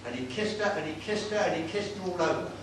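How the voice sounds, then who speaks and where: A cheeky old-time music-hall comic, as a man puts him on, rattling off saucy gags with brisk patter. His voice sits a little high. It comes from far off the mic in a very roomy venue with loud background noise. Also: lively intonation. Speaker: tribute act comedian. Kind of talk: live stand-up with saucy gags. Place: live venue with an audience.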